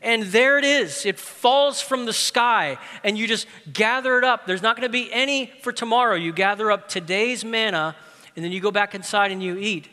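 A male pastor preaches in a high, bright voice, lively and conversational, with casual asides and humor. Long reverb from a big hall trails every phrase. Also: moderate pace. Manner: lively, conversational, uses humor and pop-culture stories. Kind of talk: sermon.

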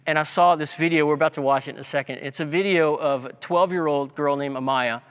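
A man's voice: fairly high pitch, steady tone, fast talker, smooth. A man preaching a sermon as pastor, emphatic and repeating key words for effect. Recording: long hall reverb.

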